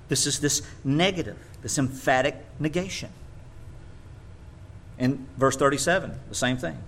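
A man delivers a sermon in a mid-range voice, working through verses one by one. He hammers key words again and again for emphasis, swinging from loud declarations down to near-murmurs. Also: medium pitch, lively intonation, measured pace, long pauses. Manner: emphatic, repeats words for stress, wide swings in loudness. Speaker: preacher. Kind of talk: sermon teaching from scripture.

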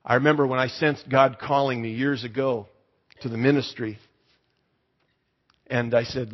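A man's voice: mid-range voice, fairly even intonation, normal speed, pauses often. Male pastor, conversational storytelling sermon, middling voice, echoey church hall, slightly muffled sound. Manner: conversational, asks the congregation to raise hands.

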